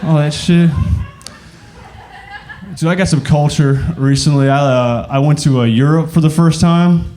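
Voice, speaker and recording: A man's voice: fairly high pitch, steady tone, measured pace, a little mellow, some chatter behind, slight background noise. A man from Arkansas doing a stand-up comedy set, rambling casually with lots of fillers. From Arkansas, USA.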